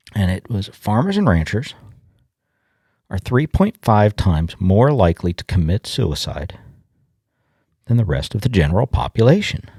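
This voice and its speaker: A middle-aged man from Illinois hosting a farming podcast, telling stories in a folksy, halting way. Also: fairly low pitch, dark tone, no echo, studio quality. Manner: folksy storyteller, halting restarts. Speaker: podcast host. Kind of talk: casual podcast monologue.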